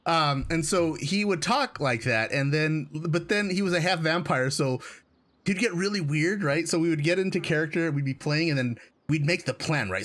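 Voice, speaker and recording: A man streaming a game, with rambling, excitable, self-deprecating commentary and casual swearing. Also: on the high side, a little fast, faint music behind. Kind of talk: casual let's play commentary.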